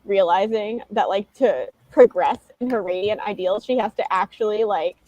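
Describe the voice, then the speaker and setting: A woman's voice: medium pitch, moderate pace, lo-fi sound, heavy background noise. A woman co-hosting a casual live book discussion, thoughtful and hedging her points. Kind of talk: casual live-stream chat.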